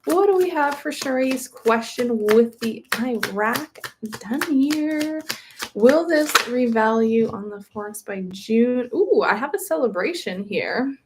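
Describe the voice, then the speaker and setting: A woman giving a live-stream tarot reading, gentle and reassuring, rambling with many fillers, her voice crackling. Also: on the high side, expressive, slow. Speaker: tarot reader.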